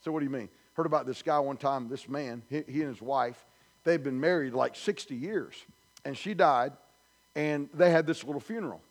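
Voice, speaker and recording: A man's voice: mid-range voice, normal speed. A male pastor preaching a sermon in a church, emphatic and repetitive, building his points through repeated declarations. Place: church sanctuary.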